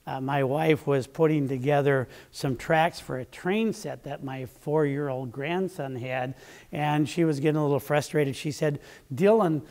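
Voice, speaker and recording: An older man giving a motivational talk as a leadership coach, with a measured, deliberate delivery that slows down to stress key sayings. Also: fairly high pitch, steady tone, a little mellow.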